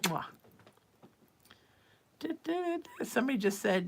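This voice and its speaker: A woman's voice: on the low side, lively intonation, unhurried, pushed and bright, a little hiss or hum. A woman hosting a psychic livestream, chatting casually and reading viewer texts aloud. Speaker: psychic medium livestream host.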